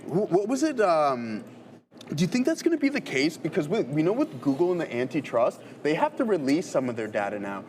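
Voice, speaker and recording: A man's voice: fairly high pitch, huge pitch swings, brisk, darkish tone, slight background noise. A man co-hosting a live trading show, talking loosely and thinking aloud about trades. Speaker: day trader co-host.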